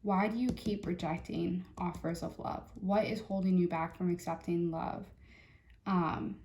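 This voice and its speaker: A woman giving a casual tarot reading in a chatty, halting way, full of fillers and restarts. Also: on the low side, steady tone, darkish tone, reverberant, a little hiss or hum. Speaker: tarot reader.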